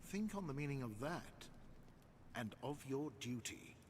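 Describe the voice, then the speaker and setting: An actor playing a solemn duke, giving slow, weighty royal speeches. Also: male voice, medium pitch, lively intonation, lightly acted. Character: solemn duke, ruler readying for war.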